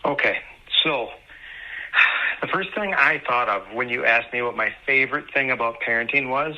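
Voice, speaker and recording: A young father tells stories about parenting with a very bright, ringing voice. He moves from dry sarcasm to heartfelt sincerity. The audio is dull and lo-fi. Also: mid-range voice, normal speed. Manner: sarcastic then earnest, animated anecdotes. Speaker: parent sharing on a podcast. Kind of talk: casual personal storytelling. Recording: muffled lo-fi audio.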